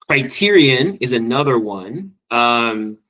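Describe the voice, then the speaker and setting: Male teacher running a training session, eager and fast-moving, lots of ums, mid-range voice. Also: medium pitch, lively intonation, sharp tone, poor audio. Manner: quick, enthusiastic, with frequent ums and restarts. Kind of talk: online training presentation.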